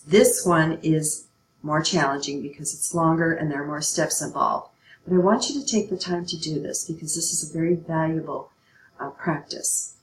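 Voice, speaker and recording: A woman's voice: deep voice, a little hiss or hum. Woman teacher in an echoey room. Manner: patient, checks in with "okay" often. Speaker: English teacher. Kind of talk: recorded writing lesson.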